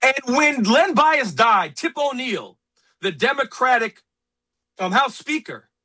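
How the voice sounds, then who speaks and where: A man hosting a talk radio show, speaking in an emphatic, opinionated way about sports and politics. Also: very high-pitched. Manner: animated, emphatic, quick asides. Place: radio studio.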